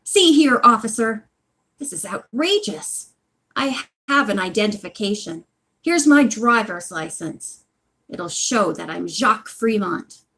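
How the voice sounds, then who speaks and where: A woman's voice: medium pitch, big pitch swings, a little slow, bright, forceful tone, husky, exaggerated voice. A woman reading as a sneering male prisoner. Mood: defiant. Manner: snarling, indignant.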